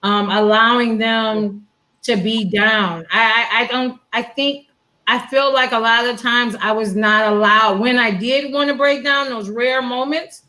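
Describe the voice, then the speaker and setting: A woman talking frankly in a panel discussion as a breast cancer survivor, animated and acting out the voices of people she quotes. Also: fairly high pitch, measured pace, rough recording.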